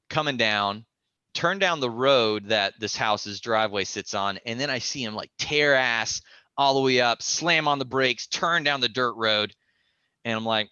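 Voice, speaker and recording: A man telling a story as a podcast guest, animated and profane, acting out the voices. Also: mid-range voice, clear, resonant tone, no room sound, muffled recording. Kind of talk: casual storytelling.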